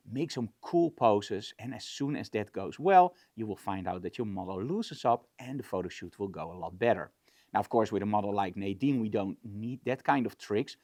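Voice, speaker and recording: Animated male photography instructor. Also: mid-range voice, dry recording, clean studio sound. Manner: enthusiastic, conversational. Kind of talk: explaining a lighting setup.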